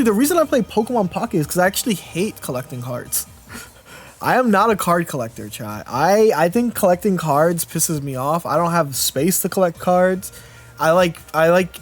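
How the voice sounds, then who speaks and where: A man's voice: sits high, animated, a little fast. A young man in his twenties doing casual live-stream commentary on a card game. He rambles, restarts his sentences and answers chat as he goes. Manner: rambling, self-interrupting, chatty with viewers.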